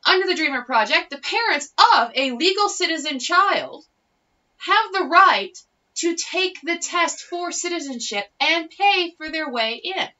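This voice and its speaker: A woman vlogger rants with sarcasm and profanity, mocking her target. Her voice is high and sharp. It is recorded from a distance with a dull, lo-fi sound. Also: animated, a little slow. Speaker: commentary vlogger. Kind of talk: casual political rant.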